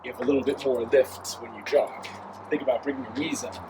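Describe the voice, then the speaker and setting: A man teaching a dance step, explaining the moves and counting beats as he demonstrates them. His voice sits at an ordinary middle pitch. A clear layer of noise runs under the recording. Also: fairly even intonation, brisk. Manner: counts steps aloud while dancing. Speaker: dance instructor. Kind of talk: dance tutorial while demonstrating.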